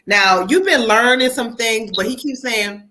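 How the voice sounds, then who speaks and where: A woman's voice: a little high, unhurried, background noise. A woman hosting a live-stream card reading as a psychic medium, chatty, laughing often and calling her viewers "child" and "y'all.".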